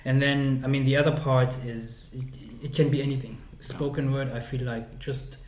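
A man poet on a panel, telling stories in an animated, expressive way. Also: mid-range voice, normal speed, reverberant. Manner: animated storyteller, expressive, laughs easily. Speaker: spoken word poet on a panel. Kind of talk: panel discussion.

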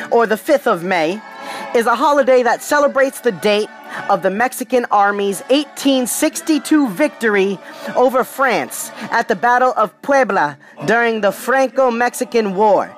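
A podcast host, a little tipsy, reading history in a casual, playful way with slangy joking asides. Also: medium pitch. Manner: hyped, playful, streetwise slang, repeats "ladies and gentlemen".

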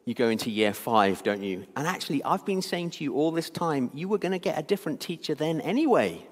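A man voicing a kind, gentle female primary school teacher who speaks softly and reassuringly, with a ringing hall reverb. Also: on the high side, lively intonation, brisk. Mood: gentle, soothing.

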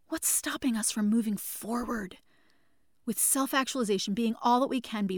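Her voice sits on the high side and moves at a normal speed as she leads a mental health lesson on her podcast. Treating listeners like friends, she repeats and emphasizes the main points; the studio-mic audio is clean with no room sound.

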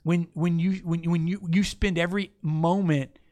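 A man hosting a casual faith talk, preaching with animated, playful asides. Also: on the high side, normal speed, no room sound. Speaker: podcast host and preacher.

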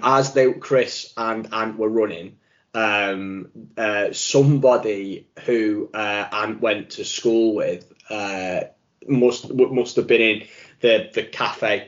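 A man co-hosting a running podcast, telling rambling, sweary anecdotes in a casual way. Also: on the low side. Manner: chatty storyteller who swears and loudly acts out quotes. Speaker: podcast co-host. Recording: muffled lo-fi audio.

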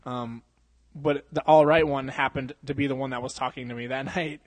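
With a steady, mid-range voice at a moderate pace and no room sound, a young podcast host relates a long bar story through a handheld mic. His casual storytelling is loaded with swearing and slang, and he laughs often while acting out the dialogue.

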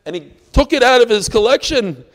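A man teaching a Talmud class, swinging from quiet asides to loud, emphatic outbursts. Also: very high-pitched, animated, a little fast, long reverb tail. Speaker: Torah teacher.

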